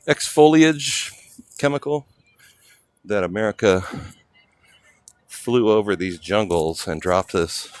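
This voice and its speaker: A man's voice: sits low, no room sound. Rambling older man livestreaming on the street. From California. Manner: rambling, chatty, reads out viewer names. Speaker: livestream host. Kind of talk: casual walking livestream chat. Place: city streets outdoors.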